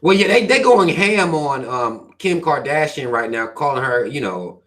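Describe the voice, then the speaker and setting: Animated, preachy man ranting to viewers. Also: a little high, normal speed. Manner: animated, profane, preachy, fires questions at listeners. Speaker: channel host reading viewer comments. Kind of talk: livestream rant.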